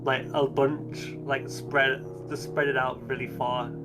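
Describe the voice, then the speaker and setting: A woman co-streaming, chatting casually in a relaxed way with short replies. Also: extremely low pitch, unhurried. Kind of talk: casual chat. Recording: music playing clearly behind.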